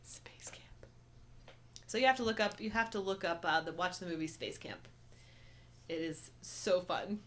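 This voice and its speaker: A woman's voice: fairly low pitch, normal speed. A woman in her thirties co-hosting a casual live chat, bubbly and enthusiastic. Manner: bubbly, enthusiastic, laughs often. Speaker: co-host.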